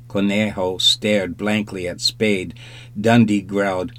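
A man with a lowish voice narrates an audiobook from a script, telling the story in a measured, even way.

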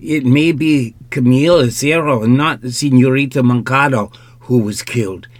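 A man reading an audiobook, voicing a nervous, formal young man with a slight accent in higher, louder tones. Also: steady tone, unhurried, close to an everyday voice. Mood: rapid, frightened.

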